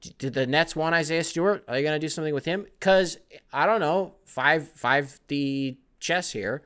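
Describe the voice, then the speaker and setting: A man's voice: a little high, moderate pace, smooth. A young man hosting a casual sports podcast, rambling between topics with lots of swearing. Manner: rambling, animated, profane, jumping between topics. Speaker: podcast host.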